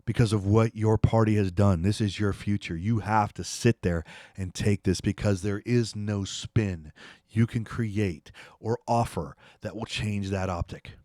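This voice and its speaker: A man's voice: on the low side, a little slow, warm tone, dry recording, studio quality. A man hosting a political commentary, ranting angrily and repeating himself as he dares his listeners to respond. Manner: angry, ranting, repetitive, challenging viewers.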